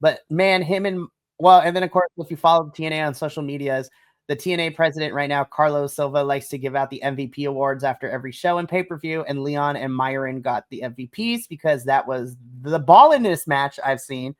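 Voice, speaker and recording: A woman co-hosting a casual wrestling review podcast, excitable and gushing, acting out her own reactions. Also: deep voice, a little fast. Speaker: podcast co-host. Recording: online podcast conversation.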